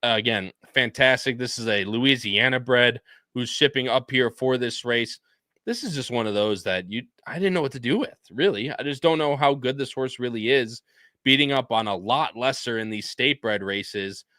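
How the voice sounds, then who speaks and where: Guy hosting a laid-back betting podcast, bright tone, dry close sound. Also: mid-range voice, moderate pace, no echo. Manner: loose, rambling, with restarts and laughs. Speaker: podcast host. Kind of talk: casual handicapping chat.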